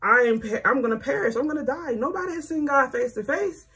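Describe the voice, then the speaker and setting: A woman's voice: a little high, expressive, moderate pace, breathy edge. A woman voicing a frightened young man who doubts and pleads. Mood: panicked.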